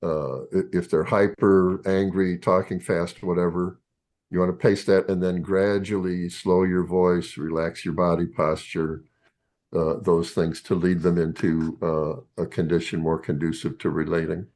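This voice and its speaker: An older man lecturing a class as a psychologist, halting and full of fillers and restarts. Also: deep voice, flat delivery, darkish tone.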